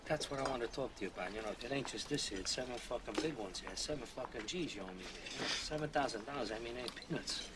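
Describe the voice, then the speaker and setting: An actor playing a mobster who stammers and hedges in a film scene. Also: male voice, mid-range voice, close to an everyday voice. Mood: grumbling. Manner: halting, stammering. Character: easygoing male mobster who laughs nervously. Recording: noisy film audio played back.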